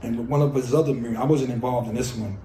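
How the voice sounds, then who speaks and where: Older New Yorker, interviewee, blunt and cursing, mid-pitched voice, roomy recording. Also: male voice, steady tone, fast talker, warm tone, slight background noise. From New York City. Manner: blunt, profane storytelling. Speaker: oral history interviewee. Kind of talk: oral history storytelling.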